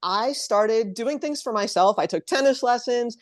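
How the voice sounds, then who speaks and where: A woman's voice: fairly high pitch, moderate pace, no echo, clean studio sound. A woman in her thirties from New Jersey, a blogger telling her story in a casual interview as a chatty, open guest. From New Jersey, USA. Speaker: guest, living-abroad blogger.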